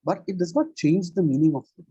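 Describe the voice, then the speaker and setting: A man's voice: sits high, fast, mellow, breathy edge, no echo, lo-fi sound. A man giving a one-on-one English lesson over a video call, explaining patiently and checking in with "right?" after nearly every point. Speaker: English tutor.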